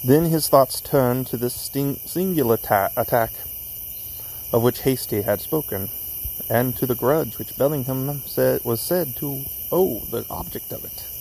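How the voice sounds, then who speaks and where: A man reading a classic story aloud at an unhurried pace, outdoors in a cemetery at night, correcting small slips as he goes. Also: mid-range voice, warm tone, slight background noise, poor audio. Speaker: narrator.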